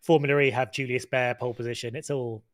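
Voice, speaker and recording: A man's voice: medium pitch, fairly even intonation, fast, no room sound, studio quality. A man chatting as a guest co-commentator on a live stream, with wry, incredulous banter. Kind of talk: casual chat.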